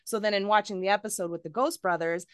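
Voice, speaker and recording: A woman's voice: medium pitch, quick pace, dry recording. A woman in her thirties hosts a podcast in a loose, chatty way, laughing easily and swearing casually. Her voice sits in the middle of the range and is recorded close and dry, with no room sound. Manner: chatty, laughs often, candid and profane. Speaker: podcast host. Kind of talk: casual chat.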